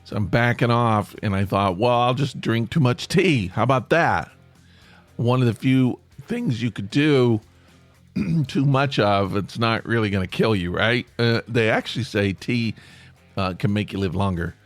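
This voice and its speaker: Lively, chatty podcast host. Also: male voice, mid-range voice, a little slow, no echo, faint music behind. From United States. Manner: rambling and chatty, with frequent restarts and playful asides. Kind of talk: casual solo podcast monologue.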